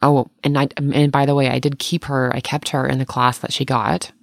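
A middle-aged woman co-hosting a casual chat, telling animated stories and laughing often. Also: rumbling low, moderate pace, creaky, no echo, studio quality.

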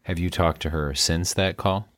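A man's voice: deep voice, fairly even intonation, normal speed, fairly bright tone, dry recording, clean studio sound. A man hosting a casual conversation, an attentive and sympathetic listener who asks follow-up questions.

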